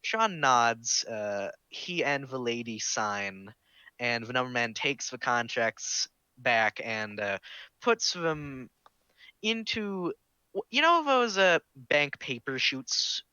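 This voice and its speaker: A man's voice: medium pitch, expressive, slow, pushed and bright, clean tone, no room sound. A man narrating as game master of a tabletop game in online voice chat, casual and full of fillers.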